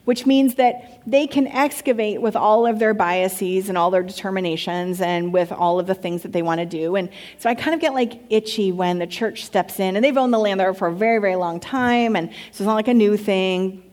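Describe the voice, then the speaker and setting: A woman pastor giving a conversational sermon, chatty and candid, with quick asides and open enthusiasm. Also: mid-range voice, darkish tone. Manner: enthusiastic when describing places.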